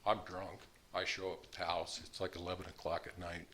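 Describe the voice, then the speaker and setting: Blunt older man with a forceful, low voice. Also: level tone, brisk. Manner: blunt, plain-spoken, laughs at his own past. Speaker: speaker sharing his recovery story. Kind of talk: personal storytelling.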